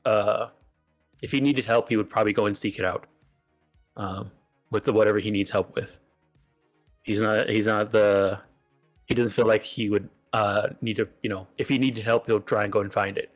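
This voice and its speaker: A man running a tabletop role-playing game as game master, talking in an easygoing, halting way with many fillers. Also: on the low side, fairly even intonation, soft background music.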